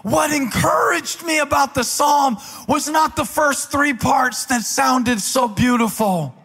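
Man preaching in church, very high voice, hollers and half-sings the lines, joking with the crowd, soft music underneath. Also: slow. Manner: passionate, often shouting and breaking into sung cadence; playful asides to the congregation. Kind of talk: live sermon. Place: church sanctuary before a congregation.

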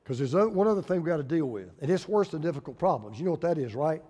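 A male pastor, preaching a sermon with folksy humor and lively storytelling. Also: fairly high pitch, fast, husky, big-room sound.

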